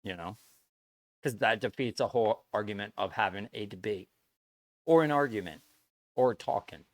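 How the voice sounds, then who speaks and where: This man talks to his stream audience in a blunt, lecturing way, cursing and going over the same points again and again. He speaks at a moderate pace in a voice on the low side, recorded without echo.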